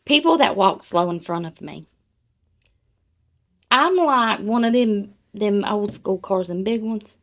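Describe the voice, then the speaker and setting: A woman's voice: medium pitch, lively intonation, takes it slowly, long pauses. Sassy woman, profane and blunt. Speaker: podcast co-host. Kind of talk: casual chat.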